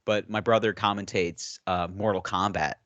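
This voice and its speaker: A man co-hosting a podcast in casual chat, an animated storyteller who acts out quotes and laughs often. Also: lowish voice, moderate pace, no echo. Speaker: podcast co-host.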